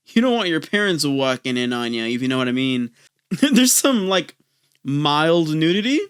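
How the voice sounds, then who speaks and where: A man's voice: fairly high pitch, fairly bright tone, no echo, clean studio sound. A young man hosting a casual, comedic anime review, rambling and joking with lots of fillers. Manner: jokey, rambling, many fillers.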